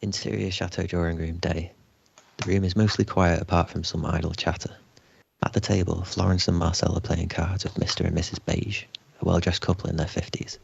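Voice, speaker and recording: Very deep, gravelly male narrator. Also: little pitch movement, brisk, muffled recording. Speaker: writer reading stage directions. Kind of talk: script table read narration.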